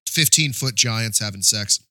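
Male podcast co-host, crude and animated, bright tone, dry close sound. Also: on the low side, a little slow, dry recording. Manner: swears a lot, laughs often, animated. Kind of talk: casual movie-review banter.

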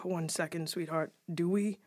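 A young woman co-hosting a podcast in casual chat, animated and playful, slipping into impressions. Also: fairly low pitch, moderate pace, no echo, clean studio sound. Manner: animated, playful, jumps into impressions and put-on voices. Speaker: podcast co-host.

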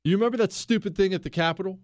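Combative talk radio host, high and dry. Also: male voice, rapid-fire, no echo. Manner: combative, sarcastic, shouts for emphasis. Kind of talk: political talk radio monologue.

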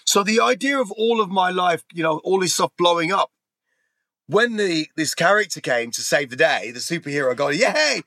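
A man's voice: sits high, lively intonation, normal speed, bright, forceful tone, dry recording. A middle-aged man from England telling his life story in a candid, rambling interview, swearing freely and restarting his sentences. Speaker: interview guest.

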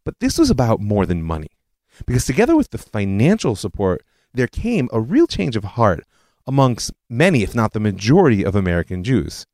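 A man's voice: fairly low pitch, wildly swooping pitch, a little fast, a little mellow, no room sound. A man hosting a history podcast, telling it as a story with conversational asides. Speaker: podcast host. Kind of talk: scripted history narration.

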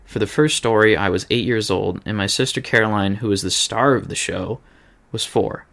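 Low gravelly Midwestern man. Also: moderate pace, fairly bright tone. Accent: Midwestern American. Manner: joking, swears freely. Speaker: podcast co-host reading a listener story. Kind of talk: casual podcast chat and story reading.

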